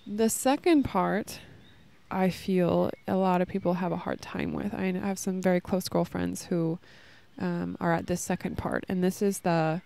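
Woman with a bit of vocal fry, earnest rambly spiritual chat, outside in a park. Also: lowish voice, steady tone, moderate pace, dark tone. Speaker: podcast host. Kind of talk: casual spiritual talk. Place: outdoors in a park. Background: children playing nearby.

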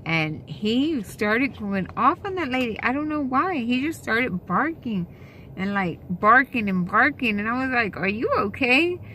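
A woman's voice: fairly high pitch, sing-song, a little slow, sharp tone, a little hiss or hum. A young adult woman vlogging in a car and a store, chatting casually and rambling through exasperated complaints with lots of fillers. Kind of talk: casual chat. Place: inside a car, later a store.

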